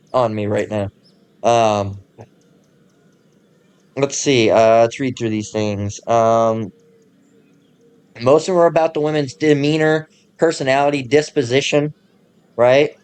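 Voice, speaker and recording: A man hosting his own channel, ranting casually in a profane, rambling way and pausing to read passages aloud. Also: medium pitch. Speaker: channel host.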